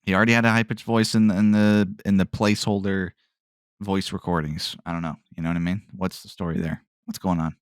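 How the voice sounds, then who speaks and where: A man's voice: deep voice, flat delivery, a little fast, clear, resonant tone, no room sound, studio quality. A man hosting a solo podcast in a casual, rambling way, often trailing off with "I don't know" and asking himself questions, with sarcastic asides. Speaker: podcast host.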